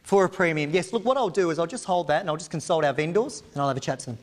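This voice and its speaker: A man working as an auctioneer, reading out auction terms and pitching a property with confident, formal, fluent patter. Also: expressive, rapid-fire. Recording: long hall reverb.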